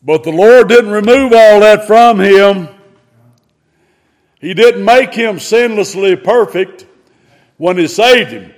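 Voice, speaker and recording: A man preaching a sermon in a folksy, conversational way, swinging between loud emphasis and hushed asides. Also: high voice, slow, long pauses.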